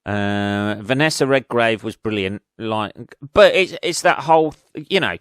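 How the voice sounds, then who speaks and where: A man's voice: fairly low pitch, expressive, a little slow, a bit bright, clean tone, dry recording, studio quality. A man hosting his own podcast as a comedian, rambling in a sweary, self-mocking way. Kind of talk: rambling casual monologue. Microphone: studio podcast mic.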